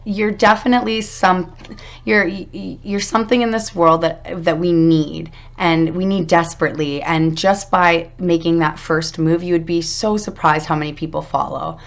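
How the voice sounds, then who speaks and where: A woman's voice: fairly low pitch, steady tone, normal speed, vocal fry. A woman giving a casual tarot reading to camera, rambling and encouraging, with self-deprecating asides. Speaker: tarot reader. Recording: dull lo-fi recording.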